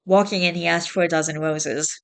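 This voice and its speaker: A woman reading a novel aloud in a plain, steady storytelling manner, with small slips along the way. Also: fairly low pitch, fairly quick, smooth. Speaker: reader.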